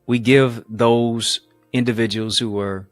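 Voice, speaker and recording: A male motivational speaker delivering a preaching-style speech, emphatic and rhythmic with lots of repetition, swinging between booming lines and hushed ones, calling his listeners family. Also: fairly even intonation, slow, no room sound, faint music behind. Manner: addresses live viewers as family.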